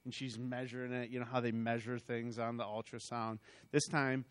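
A man stands before his church and tells his story in an everyday, chatty way, doubling back and restarting his sentences. His voice is smooth and clear, pitched in an ordinary middle range. He sounds like a middle-aged congregation member rather than a trained speaker. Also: flat delivery, moderate pace. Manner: conversational, rambling with restarts and asides. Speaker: church member giving a testimony. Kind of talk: personal testimony told as a story.

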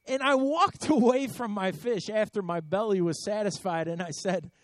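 A man with a notably high voice preaches a sermon, telling it like a personal story. He often doubles his words and rises into emphatic swells. The sound is close and dry. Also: moderate pace, dry recording. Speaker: pastor.

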